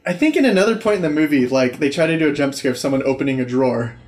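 A man's voice: on the high side, lively intonation, rapid-fire, darkish tone. A man in casual movie review chat, analytical, with many filler words.

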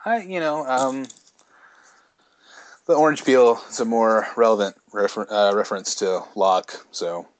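A man's voice: on the low side, no room sound. Guy cohosting a podcast, chatty and rambly, laughs a lot, dry close sound. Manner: rambling, halting, laughs often. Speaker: podcast co-host. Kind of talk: casual chat.

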